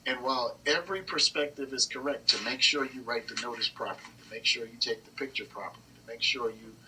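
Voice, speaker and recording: Male podcast host, very bright tense tone, set back from the mic, faint noise behind. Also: medium pitch, quick pace, distant mic, low-quality recording. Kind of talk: casual interview talk.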